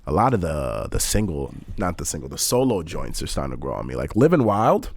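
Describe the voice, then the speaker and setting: A man's voice: a bass voice, big pitch swings, brisk, gravelly, slight background noise. A young man co-hosting a podcast, chatting casually in slang with frequent laughter. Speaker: podcast co-host. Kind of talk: casual chat.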